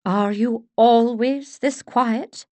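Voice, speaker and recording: Blunt, brusque woman doctor with an Edinburgh accent, played by a woman reader in a storybook; slow, pointed delivery. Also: fairly high pitch, dark tone, dry recording, voice pushed up. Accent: Scottish, Edinburgh. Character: brusque middle-aged Scottish woman doctor.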